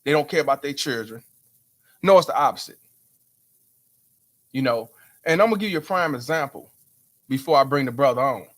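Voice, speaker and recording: This host's voice is mid-range, animated and a bit bright, brisk yet pausing often. Addressing viewers directly on his own show, he gives casual commentary in an emphatic, preachy style, asking rhetorical questions.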